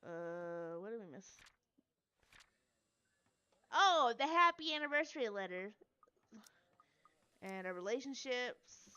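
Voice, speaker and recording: Bright-voiced woman streamer reading a game. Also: fairly high pitch, lively intonation, slow, long pauses, smooth, dull audio. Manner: chatty, giggly asides. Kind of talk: reading a story game aloud.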